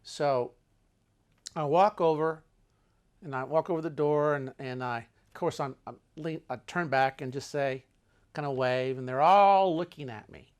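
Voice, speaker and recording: An older man telling a travel story with dramatic, animated delivery that swings between loud and hushed. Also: fairly high pitch, unhurried, clear, resonant tone.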